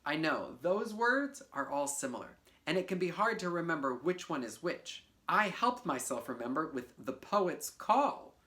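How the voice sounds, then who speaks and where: Low, lively, unhurried woman teaching children. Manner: playful, encouraging, speaks directly to kids. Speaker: teaching artist. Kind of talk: children's poetry lesson. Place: home video for a virtual class.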